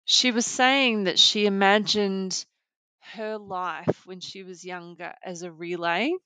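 A woman's voice: medium pitch, steady tone, slow pace, pushed and bright, clean tone, no echo. An Australian woman co-hosting a podcast, chatting enthusiastically and thinking aloud as she talks. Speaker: podcast co-host. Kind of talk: casual chat.

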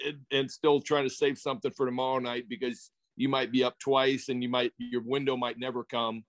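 50s guy co-hosting, laid back, starts and restarts his sentences. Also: medium pitch. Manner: relaxed, halting, restarts phrases. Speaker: podcast co-host, former pitcher. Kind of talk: casual chat.

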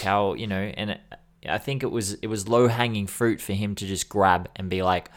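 A man's voice: on the low side, moderate pace, few pauses, fairly bright tone, clean tone. A man co-hosting a casual podcast chat, laid-back and teasing. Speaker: podcast co-host.

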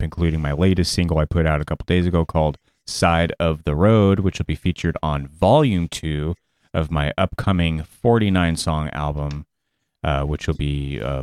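A low-voiced man with a smooth, resonant tone chats casually as a musical guest. His words come dry and close, and he jokes and lets his thoughts trail away. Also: darkish tone, no room sound. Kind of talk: casual podcast chat.

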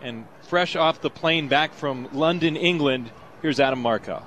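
A man's voice: a little high, unhurried, a bit bright. A man on a radio baseball broadcast who sets up the segment and then makes casual, amused asides. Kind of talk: casual radio booth banter.

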